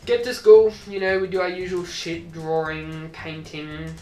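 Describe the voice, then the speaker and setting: A woman's voice: fairly low pitch, little pitch movement, measured pace, dark tone. A woman vlogger telling a crude, rambling childhood story and slipping into character voices. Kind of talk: casual storytelling. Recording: echoey room, distant mic, faint music.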